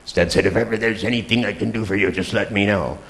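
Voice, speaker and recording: Gravelly older man telling stories. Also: fairly low pitch, fast. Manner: animated anecdotes with blunt swearing. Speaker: seminar speaker. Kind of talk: storytelling talk to a live audience.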